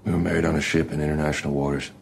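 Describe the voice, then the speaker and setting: A man's voice: a bass voice, level tone, rapid-fire, creaky, slight background noise. An actor playing a defiant man who insists on leaving with his wife, speaking bluntly in a drama. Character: defiant young husband demanding his wife.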